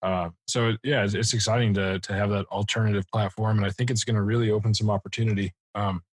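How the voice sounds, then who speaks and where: A man co-hosting a casual podcast, relaxed and jokey as he thanks a guest and chats. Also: fairly low pitch, quick pace, dry recording. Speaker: podcast co-host.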